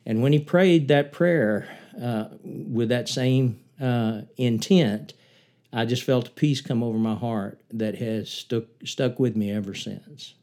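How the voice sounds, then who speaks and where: A man's voice: slow pace, mellow. An older man, a former missionary preacher, speaking earnestly as he reflects on preaching and retells a Bible story. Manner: earnest, rising in pitch and force as he retells the story.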